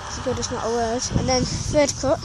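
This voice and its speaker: A vlogger, a woman with a somewhat high voice, talks casually at normal speed with fairly even intonation, rambling and correcting herself. She's outdoors on a farm among chickens, and the recording carries loud outdoor noise and animal sounds.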